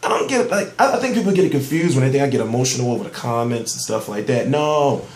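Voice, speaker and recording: A man's voice: medium pitch, lively intonation, fast talker, a little mellow. Fired-up ranting man, echoey room. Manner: heated, profane, emphatic. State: amped up on soda. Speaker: boxing news commentator. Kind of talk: ranting vlog commentary.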